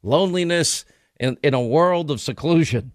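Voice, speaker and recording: A man's voice: a little high, normal speed, no room sound, clean studio sound. Emphatic man rambling on talk radio. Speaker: radio talk show host.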